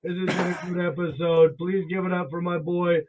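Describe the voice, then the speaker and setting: Loud, profane man on tinny audio. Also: high voice, little pitch movement, brisk, a little hiss or hum. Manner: loud, profane, laughing, slips into mock accents. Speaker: podcast co-host. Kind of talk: casual drunk podcast banter. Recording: tinny phone-like sound.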